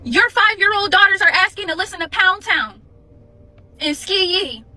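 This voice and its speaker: A woman's voice: very high-pitched, lively intonation, moderate pace, bright, forceful tone, no room sound, poor audio. A woman working with children, ranting with exasperated indignation about a parent. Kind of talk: ranting commentary.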